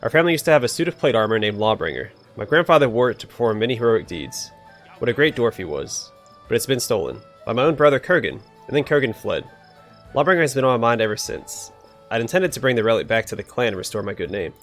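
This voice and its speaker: A man's voice: mid-range voice, animated, fast, faint music behind, lightly acted. A man reading out the lines of an earnest, proud male dwarf smith in a video game, in a plain read-aloud way. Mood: grave.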